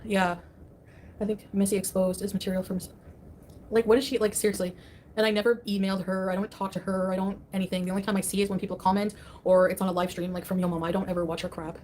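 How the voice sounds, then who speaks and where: A woman's voice: mid-range voice, flat delivery, quick pace, darkish tone, slight background noise. A woman chatting casually on a livestream, dismissive and scoffing as she talks.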